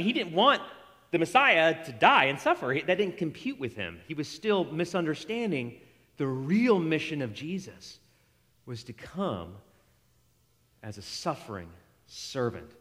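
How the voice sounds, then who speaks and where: A man in his forties preaching a sermon, retelling scripture with lively acted-out dialogue and casual asides. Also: medium pitch. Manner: animated storytelling, acts out quoted dialogue. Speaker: pastor. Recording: long hall reverb.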